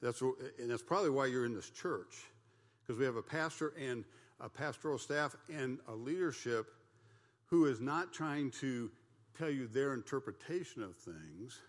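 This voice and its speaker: An older man teaches a church Bible study, folksy and joking, and he keeps asking the class questions. His voice sits at an ordinary middle pitch for a man. The sound carries a long hall reverb from the church room. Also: expressive, normal speed.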